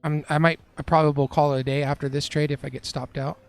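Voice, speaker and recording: Young guy streaming his day trades, kinda high voice, chill and chatty, dry sound, low music behind. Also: flat delivery, fast talker, creaky, no echo. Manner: laid-back and chatty, laughs often. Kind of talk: casual live-stream commentary, reading chat.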